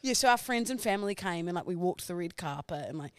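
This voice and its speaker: A woman's voice: on the low side, expressive, fast talker, background noise. Chatty woman podcast co-host. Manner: chatty, giggly storytelling. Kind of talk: casual chat.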